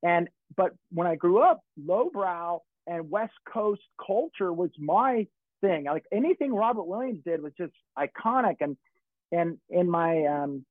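Man, middle-aged, high voice, casual rambling talk, curses a lot, phone-thin sound. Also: no echo. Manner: rambling, swearing, restarts a lot. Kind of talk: casual chat. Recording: tinny phone-like dry sound.

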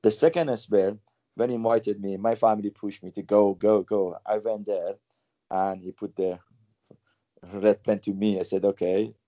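Older guy, low dark voice, halting english, dry dull sound. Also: level tone, no echo. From Iran. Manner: halting, repeats words, non-native phrasing. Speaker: former footballer, guest. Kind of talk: interview storytelling.

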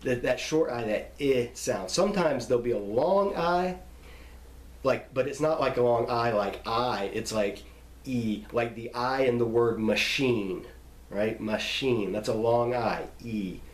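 Man, patient teacher, sounds out vowels slowly, mid-pitched voice, roomy echo. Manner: patient, repeats and restarts, sounds out examples slowly. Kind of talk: explaining Hebrew name pronunciation. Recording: echoey room.

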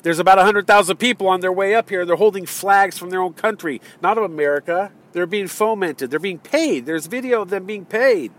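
A man's voice: high-pitched, brisk, hardly any pauses, fairly bright tone. Man ranting from his car. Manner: heated, rambling, with many fillers and restarts. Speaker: vlogger. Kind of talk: ranting political monologue. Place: in a car in traffic.

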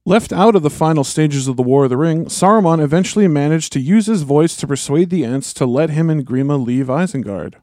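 Male co-host, enthusiastic and laughy, somewhat high, mellow, dry mic. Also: expressive, fairly quick, few pauses, no room sound. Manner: enthusiastic, laughing, swears casually. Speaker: podcast co-host. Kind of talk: casual chat.

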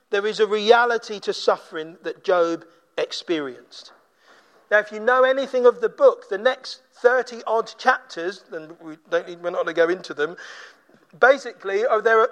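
Guy giving a sermon, fairly high voice, chatty, acts out the quotes. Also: a bit bright. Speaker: preacher. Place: church.

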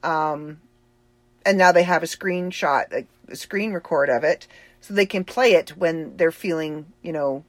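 Slow, earnest woman streamer. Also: sits low, no room sound. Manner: slow and earnest, with many fillers and restarts. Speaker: livestreamer. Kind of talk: casual storytelling.

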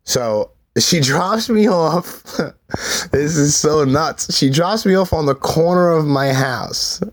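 A middle-aged man, telling his life story on a solo podcast in a profane, animated way. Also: a little high, slow pace. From New York City. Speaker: podcast host.

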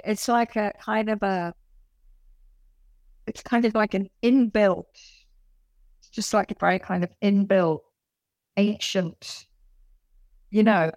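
A woman in her late fifties with a London accent, chatting as an interview guest in an animated, self-mocking way with many restarts. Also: medium pitch, dry recording, studio quality. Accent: London English. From London, England. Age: late 50s. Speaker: guest author and performer. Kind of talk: casual interview chat.

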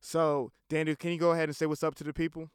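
A young man hosting a casual comedy podcast, playful and quick to laugh. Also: on the high side, level tone, clean tone, no echo, studio quality. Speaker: podcast host.

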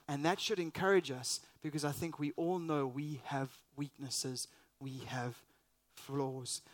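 A man's voice: fairly high pitch, no echo. A man preaching a sermon as pastor, earnest and emphatic, with rhetorical questions.

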